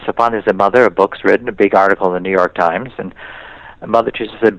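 Low-voiced priest telling stories on a radio interview, dull dry audio. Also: male voice, fairly even intonation, very fast, a bit bright, dry recording. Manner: storytelling, slips into quoted voices. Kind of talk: spiritual talk in an interview.

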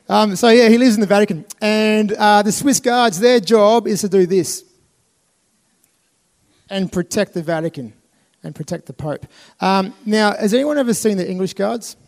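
An Australian man in his thirties giving a motivational talk to a live audience, telling animated stories with laughs and acted-out voices. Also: high voice, vocal fry. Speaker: speaker.

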